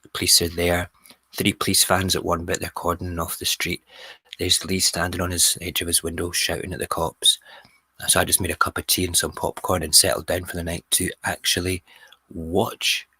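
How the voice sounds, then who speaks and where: A man hosting a radio show, telling a story in a casual, animated way. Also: sits low, moderate pace, vocal fry, husky, no room sound. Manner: animated storyteller, mimics people. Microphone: close studio mic.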